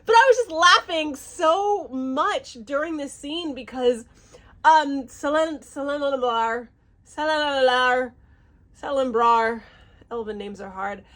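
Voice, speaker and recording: High-pitched woman rambling through a show review, lively, trips over names, dodges swearing. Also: slow. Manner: animated, restarts words, stumbles over names, avoids cursing. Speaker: fantasy series reviewer. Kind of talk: casual reaction review.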